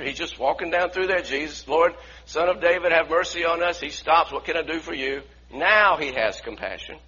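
A man preaching a sermon in an animated way, acting out the voices of the people in the story. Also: sits high, slightly rough. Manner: animated, acts out voices from the story, asks the congregation to repeat. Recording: dull lo-fi recording.

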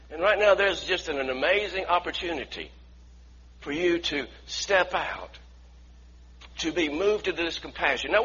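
A man preaching a sermon, swinging from loud, emphatic bursts to quiet, intense passages. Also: on the high side, big pitch swings, normal speed, breathy edge. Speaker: pastor. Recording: slightly dull lo-fi sound.

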